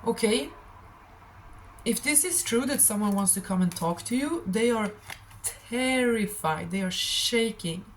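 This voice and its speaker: A woman's voice: a little high, lively intonation, unhurried, slight background noise, poor audio. Shaky, impassioned woman tarot reader. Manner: emotional, blunt and impassioned, calls listeners darling. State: shaky and nervous. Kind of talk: channeled tarot reading to viewers.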